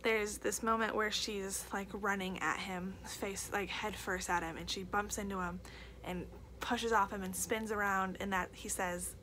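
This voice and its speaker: A woman's voice: mid-range voice, steady tone, measured pace, pushed and bright, slight background noise. A young woman reviewing a book in a casual vlog, gushing and emotional, repeating herself with lots of fillers.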